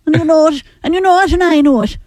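A woman's voice: high-pitched, fast talker, a little mellow, no echo, pitched above the performer's own voice, natural voice. A woman playing a cheeky, boastful older Scottish pageant contestant. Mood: teasing. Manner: teasing, boastful.

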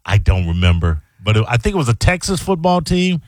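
A man co-hosting a casual radio talk show, chiming in quickly and laughing along. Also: mid-range voice, very animated, a little mellow, no echo, studio quality. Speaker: radio co-host. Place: radio studio.

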